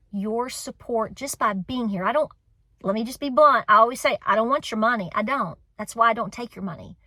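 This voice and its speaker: With no room sound, a mid-range, pushed and bright female voice comes through. It belongs to a homestead channel host in her forties with a Southern US accent, who speaks to viewers earnestly and encouragingly, close to tears and repeating phrases for emphasis.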